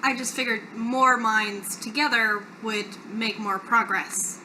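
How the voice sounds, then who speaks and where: A woman playing a tabletop game in character, asking measured, probing questions. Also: fairly high pitch, fairly even intonation, bright, forceful tone, slight background noise, poor audio. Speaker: player.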